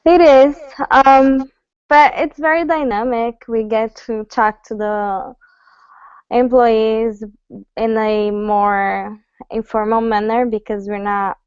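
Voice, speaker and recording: Woman, slow and careful, smooth clear voice, lo-fi call. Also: a little high, steady tone, a little mellow, dry recording. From Brazil. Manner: measured, hesitant. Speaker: HR assistant, student. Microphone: video call. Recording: muffled lo-fi call audio.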